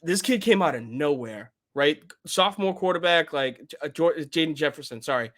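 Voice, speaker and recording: Excitable young man, bright sports talk. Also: on the high side, normal speed. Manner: animated, excitable, rambling with restarts. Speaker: podcast co-host. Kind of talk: casual sports chat. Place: home room.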